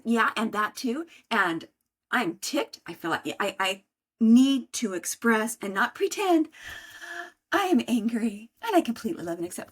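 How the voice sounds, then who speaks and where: A middle-aged woman sharing her healing story in conversation, animated and acting out her own inner voice. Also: a little high, normal speed, slightly rough. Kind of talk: conversational interview talk.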